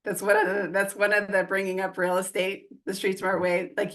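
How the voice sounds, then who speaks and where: A woman in her forties chatting on an interview podcast, her voice pitched in the middle range. She tells stories with energy and acts out the dialogue of the people in them. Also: a little fast. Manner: animated, acts out quoted dialogue. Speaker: guest real estate investor and coach. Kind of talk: casual interview storytelling.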